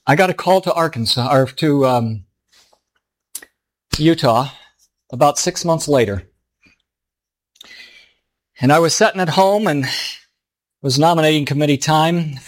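A man's voice: a little high, a little slow, long pauses. A middle-aged man, a pastor, telling a story in a sermon in an earnest, emotional way.

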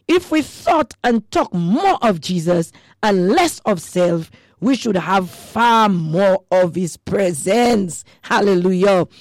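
A woman hosting a radio devotion, praying and preaching with slow, emphatic rhetorical questions. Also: medium pitch, darkish tone, no echo. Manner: fervent preaching with prayers and scripture.

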